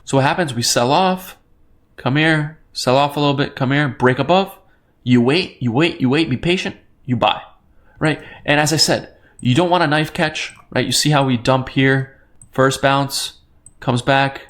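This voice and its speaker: A young man teaching crypto trading over a screen share, excitable and repetitive, often checking in with "right?" and jumping up in pitch on his key points. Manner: pitch jumps up on emphatic points. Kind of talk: screen-share chart walkthrough.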